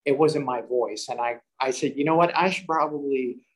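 A man's voice: medium pitch, moderate pace, poor audio. A man telling a first-person story about a paranormal investigation, acting out the quotes and breaking into laughter.

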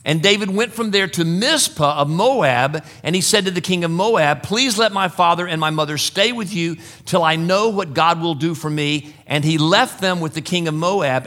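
A man's voice: fairly high pitch, moderate pace, few pauses, a bit bright. A middle-aged man preaching a sermon to a congregation, earnest and direct, often calling his listeners "folks". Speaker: pastor.

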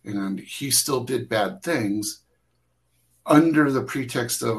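A man's voice: mid-range voice, slow, creaky, rough recording. A man who works as a camera operator, telling behind-the-scenes stories in a casual interview, rambling with many restarts and fillers.

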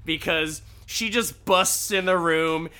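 A man casually recapping a show, animated and profane, breaking into quoted voices and laughing. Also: on the high side, slow pace, clean tone.

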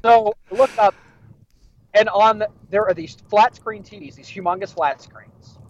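A man's voice: sits high, normal speed, lo-fi sound, a little hiss or hum. A man co-hosting a podcast, telling a story in casual chat and laughing often. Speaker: podcast co-host.

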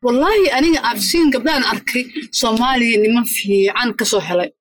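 A woman with a high voice tells stories at a fast clip in a relaxed chat. She is animated and moves freely between two languages. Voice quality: animated storyteller, mixes languages. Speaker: podcast co-host. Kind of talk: casual chat, storytelling.

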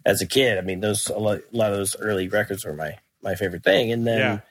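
A man's voice: on the low side, quick pace, a little hiss or hum. A man, a guest musician, rambling through anecdotes in a casual interview, laughing and swearing as he goes. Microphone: remote call.

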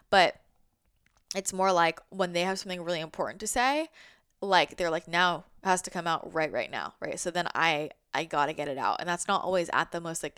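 A young woman with a smooth, slightly low voice talks through her experience of channeling in a loose, meandering way. She leans on fillers and casual swearing, sounding heartfelt and unguarded. The sound is dry and close, with no room around it. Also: fairly bright tone, no echo. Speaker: spiritual channel, podcast host. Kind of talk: casual reflective monologue.

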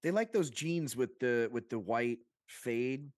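A man's voice: medium pitch, measured pace, no echo, studio quality. A young man from Long Island co-hosting a casual podcast chat, talking animatedly, swearing and joking. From Long Island, New York. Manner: animated, swearing, jokey with fake accents. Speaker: podcast co-host.

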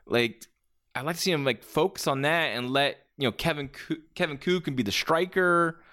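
A man's voice: a little high, moderate pace, sharp tone. A man hosting a podcast, chatting casually and with strong opinions as he reviews matches, often restarting his sentences. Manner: rambling, many restarts and fillers, opinionated. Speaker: podcast host reviewing wrestling. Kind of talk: casual chat.

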